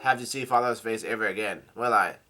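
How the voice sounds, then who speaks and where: A man's voice: fairly low pitch, soft background music. A man reading as a desperate defiant boy. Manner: read aloud flatly from a comic, halting restarts. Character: desperate young boy who wants to escape.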